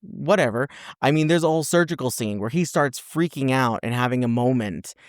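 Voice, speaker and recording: A man's voice: mid-range voice, fairly quick, clean tone, no echo, clean studio sound. A man co-hosting a casual film review podcast, recapping a plot and acting out its characters in exaggerated voices. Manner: animated storyteller, acts out characters with exaggerated voices. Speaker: podcast co-host.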